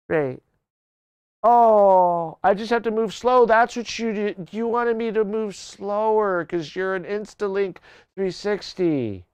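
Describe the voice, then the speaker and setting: A man's voice: high-pitched, slow, a little mellow, clear, resonant tone, no room sound. A man hosting a livestream in casual, joking chat, talking to his tracking camera. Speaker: livestream host.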